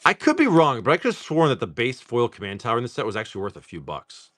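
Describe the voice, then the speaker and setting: A man narrates his card pulls on a live stream in loose, swear-laced chat, breaking off to laugh about movies. His pitch swings lively and expressive. The sound is dry and close to the mic. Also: fast talker, no echo. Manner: loose and profane, laughing, quoting comedy films. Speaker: card-opening stream host. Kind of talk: casual live pack-opening chat.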